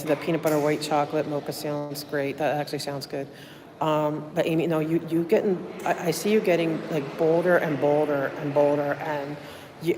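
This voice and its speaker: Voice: mid-range voice, darkish tone, big-room sound, a little hiss or hum. A livestreamer, worn out from little sleep, chatting casually with viewers at a public meeting, rambling with lots of fillers and thanks. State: tired, running on little sleep. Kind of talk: casual live chat with viewers. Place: city hall building, indoors.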